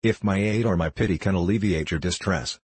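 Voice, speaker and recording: A man's voice: low voice, brisk, a little mellow, husky, no echo. A man reading the part of a devout abbot, speaking with earnest, soothing persuasion. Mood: tender. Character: tender, devout older male abbot.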